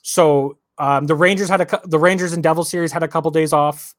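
A man's voice: a little high, fairly even intonation, brisk, no room sound, studio quality. A man co-hosting a sports podcast, talking casually and ranting with lots of repeated words. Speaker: podcast co-host.

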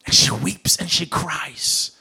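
A man's voice: fairly high pitch, slow, vocal fry, sharp tone, husky. A man preaching a sermon with a British accent, acting out the Bible characters as he goes. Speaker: pastor.

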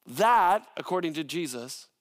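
A man's voice: on the high side, animated, a little slow, fairly bright tone. A male pastor preaching a sermon, emphatic and repetitive, often asking rhetorical questions.

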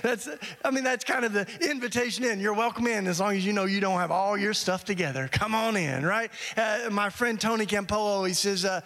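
A man's voice: high voice, brisk, few pauses, a bit bright. A man speaking at a church event, telling a story in an earnest, conversational way with asides to the audience. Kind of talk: storytelling talk. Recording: long hall reverb.

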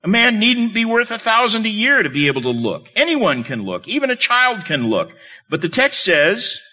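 A man's voice: high-pitched, very animated, moderate pace, bright, forceful tone. A man preaching a sermon, telling a story with emphatic delivery.

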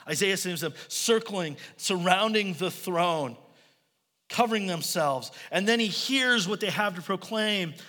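High, bright-voiced man preaching in a hall. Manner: emphatic preaching with rising declarations. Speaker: pastor. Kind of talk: sermon.

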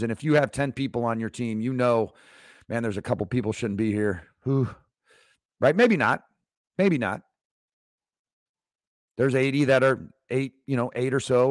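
A man's voice: medium pitch, dry recording, studio quality. Emphatic man in his fifties. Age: 50s. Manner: emphatic, repeats key phrases for effect. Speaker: leadership coach, podcast host. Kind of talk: motivational podcast monologue.

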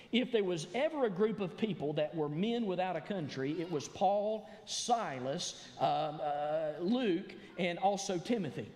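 Animated preaching man in echoey church. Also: high-pitched. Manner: animated preaching, rising to shouts for emphasis. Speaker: pastor. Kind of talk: sermon. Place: church sanctuary.

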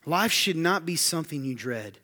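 In a church hall with long reverb, a pastor preaches to his congregation in an expressive voice at normal speed. He's emphatic, often throwing rhetorical questions at the room, and builds to a loud, high-pitched intensity.

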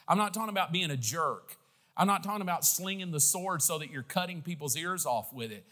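A middle-aged man delivering a sermon as pastor. His voice sits high for a man. He preaches with passion, swinging between hushed, conversational asides and bold, emphatic climaxes. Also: fast.

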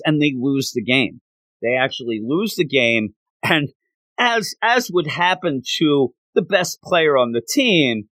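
A man casually retelling a story in an animated way with joking asides. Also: fairly high pitch, no echo.

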